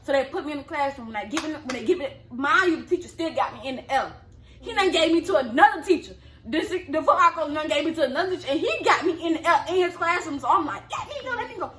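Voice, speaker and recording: A young woman telling a story in casual chat, animated, acting out quotes in a high yelling voice. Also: fast. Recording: echoey room with clear background noise.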